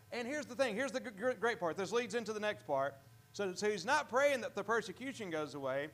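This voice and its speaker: A pastor preaching a sermon in a church, earnest, often repeating and restarting words. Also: male voice, high voice, lively intonation, brisk, fairly bright tone.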